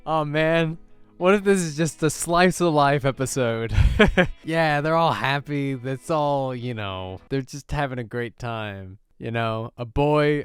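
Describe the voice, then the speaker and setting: A man gives casual, jokey commentary on an anime and talks back to the characters. His voice is smooth and clear at a middle pitch, he takes his time, and the sound is close and dry. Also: no room sound. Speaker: anime reaction host.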